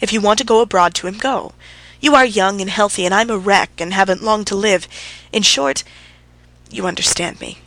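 A woman voicing a sick, weary male doctor who speaks in a tired, resigned, measured way. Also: mid-range voice, a bit bright, no room sound, close to an everyday voice, low-quality recording.

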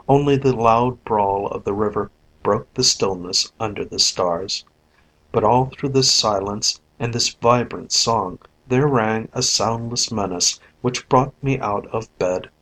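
A man narrating a story in an even, measured audiobook reading. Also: lowish voice, low-quality recording. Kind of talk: scripted narration.

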